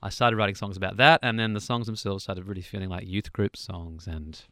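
A young man talks in a rambling, easygoing way, his voice low-pitched and smooth. The sound is dry and close, with no room behind it. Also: fairly even intonation, brisk, bright, forceful tone, no echo. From Australia. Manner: rambling, chatty, with laughs and restarts. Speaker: songwriter guest. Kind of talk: relaxed interview chat.

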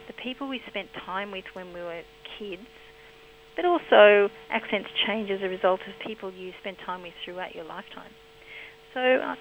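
A woman linguistics researcher explaining her work in a measured, explanatory way. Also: medium pitch. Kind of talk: expert interview. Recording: slightly muffled with faint hum.

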